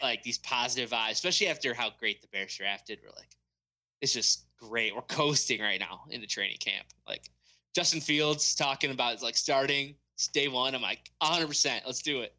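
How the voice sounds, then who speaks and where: A man's voice: mid-range voice, normal speed, pushed and bright. A young man retelling stories animatedly as a podcast co-host in a casual sports chat.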